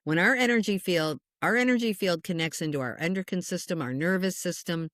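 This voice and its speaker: A woman who works as a spiritual medium, a guest telling stories in an earnest, passionate, animated way. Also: fairly low pitch, brisk, dry recording, studio quality. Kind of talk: conversational interview storytelling.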